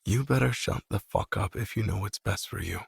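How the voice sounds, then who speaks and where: A man doing a deadpan hostile young man. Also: fairly low pitch, a little fast, gravelly, husky, no echo, studio quality, exaggerated voice.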